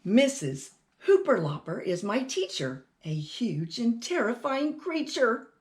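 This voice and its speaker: In a somewhat high voice and at a slow pace, a woman leads a children's storytime, reading a rhyming picture book aloud with animation and asking the kids questions.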